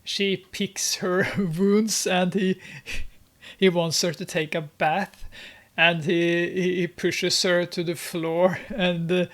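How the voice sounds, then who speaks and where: A speaker casually recapping a film, amused and mocking, with many filler pauses. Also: mid-range voice, little pitch movement, fairly bright tone. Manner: halting, with many filler pauses and frequent laughter. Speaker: movie recap commentator.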